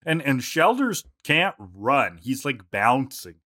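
A man co-hosting a podcast in casual chat, animated and laughing often as he recaps cartoon episodes. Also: medium pitch, no room sound, studio quality. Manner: animated, laughs often, does quick character voices. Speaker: podcast co-host.

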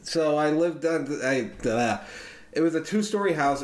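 Recorded with a roomy echo, this podcast co-host tells friends a long, meandering story, loose, chatty and profane. His fairly high voice is animated, and he keeps a measured pace.

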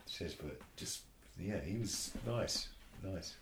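A man, a bass player telling a story in a casual interview, animated and swearing freely, acting out the voices of others. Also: slow pace, background noise. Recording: roomy echo.

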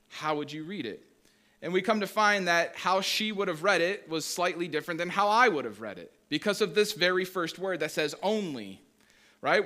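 A man's voice: on the high side, pushed and bright. A man, a pastor, preaching a conversational sermon, reading scripture aloud and asking the congregation questions. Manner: reads scripture aloud slowly.

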